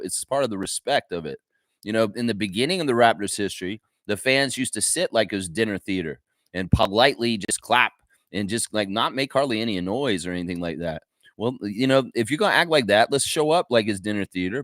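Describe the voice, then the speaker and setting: A man's voice: fairly low pitch, fairly bright tone, dry recording. A man hosting a daily basketball fan show, talking in a rambling, opinionated way with many fillers and restarts. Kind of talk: casual livestream commentary.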